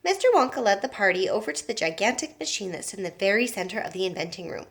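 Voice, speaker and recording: Teacher lady reading a kids book out loud, voice goes up and down a lot. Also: medium pitch, fast talker. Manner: expressive, lively storytelling. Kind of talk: reading a book aloud to children.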